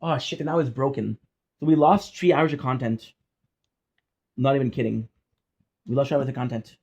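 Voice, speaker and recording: A man's voice: mid-range voice, normal speed, a little mellow, slightly rough. A man talking casually to his viewers as a gaming streamer, frustrated, swearing and repeating himself. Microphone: phone.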